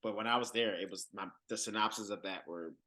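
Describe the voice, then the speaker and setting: A man's voice: lowish voice, a little fast, sharp tone. A man co-hosting a podcast, chatting enthusiastically and rambling with many restarts. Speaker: podcast co-host. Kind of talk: casual chat.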